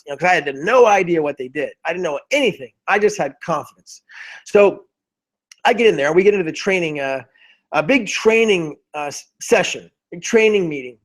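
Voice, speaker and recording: A man speaking as a motivational speaker to a group call, telling a personal story with lively bursts and frequent restarts. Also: high-pitched, brisk. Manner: animated, acts out his past self in quotes, many restarts.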